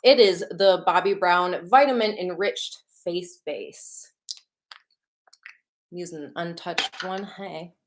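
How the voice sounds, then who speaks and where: Slow and fairly low-pitched, a young Chicago-accented makeup artist runs a livestream out of her Los Angeles home studio. Bubbly and casual, she chats away and greets viewers by where they're tuning in from.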